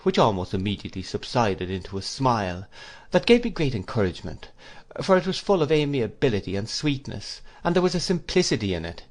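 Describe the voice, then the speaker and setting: A man narrating an audiobook in a measured storytelling manner. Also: lowish voice. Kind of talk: scripted narration.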